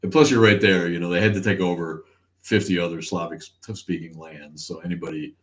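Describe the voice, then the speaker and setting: A man's voice: low-pitched, steady tone, fairly quick. A man hosting a casual livestream, rambling, laughing often and greeting the chat. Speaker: livestream host.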